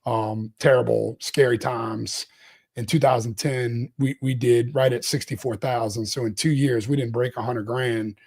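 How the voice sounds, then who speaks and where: A man in his forties tells his story in a relaxed interview. His voice sits at a middling pitch, and he rambles with restarts, breaks into laughs and keeps up an animated run of talk. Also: measured pace, vocal fry. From Louisiana, US. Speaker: CEO guest.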